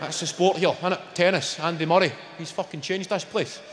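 Scottish stand-up man, brash and crude, slightly high voice, live hall with echo and crowd. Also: steady tone, fairly quick, very noisy. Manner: brash, sweary, mocking crowd work. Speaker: stand-up comedian. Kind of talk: stand-up comedy. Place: large comedy venue, on stage. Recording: live hall, roomy and reverberant. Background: audience laughter.

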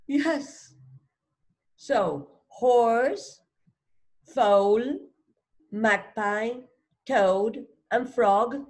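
A woman reading a phonics storybook aloud as a teacher, slowly sounding out words, asking questions and praising a child. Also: a little high, lively intonation, a little mellow. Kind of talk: slow read-aloud lesson for a child.

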